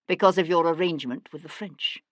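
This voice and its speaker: A woman voicing a frightened young actress who pleads in a breathy, trembling way. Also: fairly low pitch, fairly quick, dry recording, natural voice. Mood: anguished.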